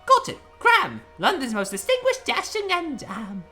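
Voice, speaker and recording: A woman's voice: high-pitched, wildly swooping pitch, moderate pace, bright, forceful tone, faint music behind, voice pushed up, full character voice. A woman doing an eager young boy. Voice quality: earnest, chirpy.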